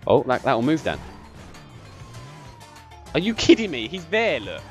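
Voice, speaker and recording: A young man giving casual gameplay commentary, excitable and bossy when he directs his friend, and laughing often. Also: medium pitch, unhurried, faint music behind. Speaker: gaming channel host.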